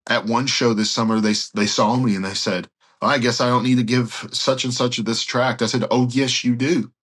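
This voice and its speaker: With a mid-range voice and moderate pace, a male pastor shares stories as a podcast guest. He is animated as he tells them, acting out what the people in his anecdotes said.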